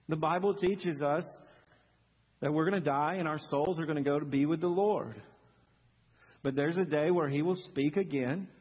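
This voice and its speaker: High-voiced pastor preaching in a reverberant hall. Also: male voice. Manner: animated, conversational preaching with rhetorical questions. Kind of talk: sermon. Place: church sanctuary. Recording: husky voice in a long-reverb church hall.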